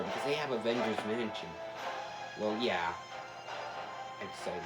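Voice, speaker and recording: A man casually narrating a fan-made story in an excitable, rambling way that often restarts. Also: fairly low pitch, measured pace, long pauses. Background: background music.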